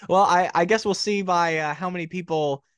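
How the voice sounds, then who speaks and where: A man hosting a podcast interview, eager and quick with short affirmations. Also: high voice, a bit bright, smooth, dry recording, clean studio sound. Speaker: podcast host. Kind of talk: casual interview.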